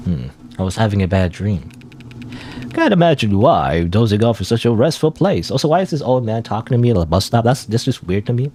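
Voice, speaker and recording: Young male let's-player, rambling and chatty, lively pitch. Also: fairly quick. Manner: rambling, chatty, many fillers. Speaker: gamer. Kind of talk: let's play commentary.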